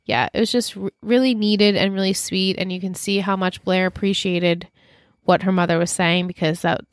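A woman's voice: on the low side, fairly even intonation, normal speed, no room sound. A woman co-hosting a podcast, chatting casually and animatedly about a TV episode and acting out its lines. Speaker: podcast co-host. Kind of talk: casual TV recap chat.

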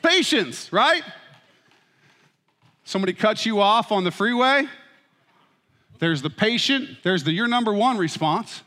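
A middle-aged man preaching a sermon as pastor, with humorous, animated storytelling. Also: high-pitched, slow, long pauses. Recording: reverberant hall.

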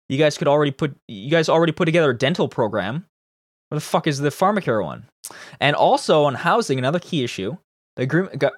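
Profane, animated man ranting. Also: medium pitch, dry recording, clean studio sound. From Canada. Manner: profane, exasperated, sarcastic. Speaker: political commentary host. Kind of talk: ranting news commentary.

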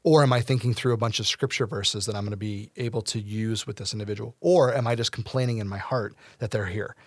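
A man's voice: fairly low pitch, steady tone, quick pace, dry recording. A man hosting a casual faith discussion, talking earnestly at length with playful asides.

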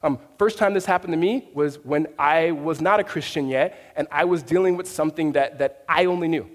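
A man's voice: on the high side, brisk, in a large hall. A man preaching a sermon as a pastor, talking in a conversational way with fillers and restarts. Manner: rising to an emphatic, raised voice.

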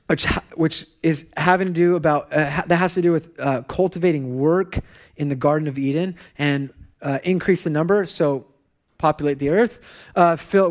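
Pastor, man, young adult; lively storytelling sermon, slightly high voice, self-mocking laughs. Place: church hall.

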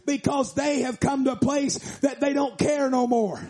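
A man preaching a revival sermon, shouting in a sing-song preaching cadence. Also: very high-pitched, steady tone, moderate pace.

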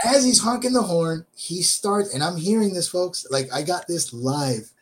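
A man's voice: high-pitched, expressive, moderate pace, low-quality recording. A man hosting a casual podcast who laughs often and talks to his listeners as folks. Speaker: podcast host.

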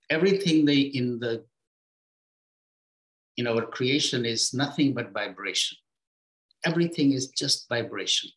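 A man in a mid-pitched voice gives an unhurried spiritual teaching. He explains patiently and lets his phrases sink low and quiet at their ends. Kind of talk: reflective spiritual talk.

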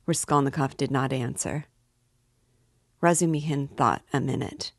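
A woman reading a classic novel aloud as narrator, in a calm, measured way. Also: rumbling low, vocal fry, breathy edge, no echo, clean studio sound. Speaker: audiobook reader.

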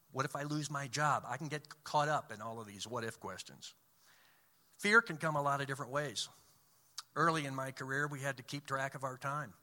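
A man's voice: medium pitch, pushed and bright. Earnest man telling a story in a hall. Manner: earnest, storytelling, acts out quoted voices. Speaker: speaker giving a faith talk. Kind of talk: personal storytelling talk. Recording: long hall reverb.

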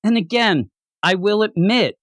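A man co-hosting a casual chat, his voice pitched a little high and swinging widely as he talks. He speaks animatedly and now and then jumps into high put-on voices to act out characters. The sound is dry and close. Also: expressive, measured pace, fairly bright tone, no echo. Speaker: podcast co-host reviewing an anime.

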